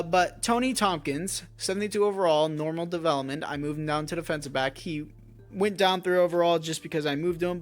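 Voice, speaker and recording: A young man with a slightly high voice talks through his football game season in a loose, casual way. He rambles a little, corrects his own slips and throws in joking asides. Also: a bit bright. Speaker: gaming YouTuber.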